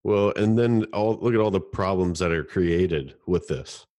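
A man with a low voice explains ideas in casual podcast chat. He often repeats a word while he finds his next thought. The recording is dry and close-miked. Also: measured pace, darkish tone, no room sound. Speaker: podcast co-host.

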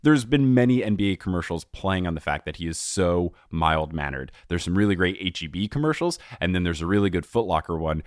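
A man hosting a casual sports podcast, telling stories in an animated way and laughing often. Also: low voice, a little fast, hardly any pauses, no echo, studio quality. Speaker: podcast host.

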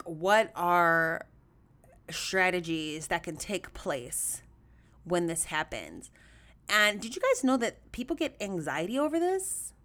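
A woman hosting a podcast, telling a story in a chatty, animated way, addressing her listeners as y'all and acting out quoted voices with big jumps in pitch. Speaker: podcast host. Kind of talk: casual storytelling monologue.

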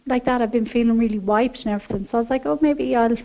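A woman's voice: fairly high pitch, rapid-fire, gravelly. An Irish woman calling in to a show, chatty and upbeat. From Ireland. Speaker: caller. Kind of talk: casual phone-in chat. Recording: dull lo-fi call audio.

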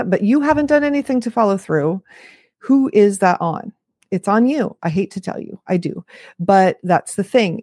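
A woman in her fifties talks about raising children in a casual, frank, chatty way. She drops in self-deprecating asides as she goes. Her voice sits at an ordinary pitch and is recorded close and dry. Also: darkish tone, dry recording. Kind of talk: casual talk to camera.

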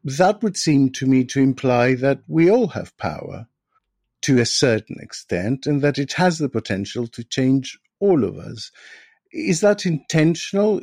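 A man hosting a podcast in a reflective, measured way, his voice sitting at an ordinary pitch. The sound is close and dry, with no room around it. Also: very animated, darkish tone, no room sound. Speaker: podcast host. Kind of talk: scripted intro then interview questions.

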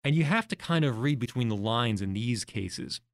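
A man's voice: medium pitch, expressive, moderate pace, no echo, studio quality. A man, a guest researcher in a podcast interview, explaining his points step by step and walking through examples.

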